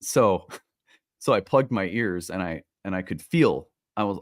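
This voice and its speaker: Low-voiced guy chatting astrology from home, super animated, cracks himself up. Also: measured pace, dry recording, clean studio sound. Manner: animated, laughs at his own jokes; self-deprecating, playful asides. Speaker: astrology video host. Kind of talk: casual solo talk to camera. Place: home room with open windows.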